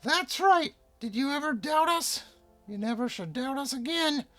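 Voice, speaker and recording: A man doing a cocky high-voiced paladin. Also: lively intonation, measured pace, pushed and bright, soft background music, full character voice. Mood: boastful. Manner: high, boastful and brash. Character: strong male paladin hero, cocky.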